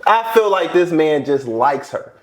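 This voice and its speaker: A man's voice: fairly high pitch, very animated, measured pace. A man co-hosting a casual reaction chat, emphatic and slangy, repeating his points. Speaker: co-host.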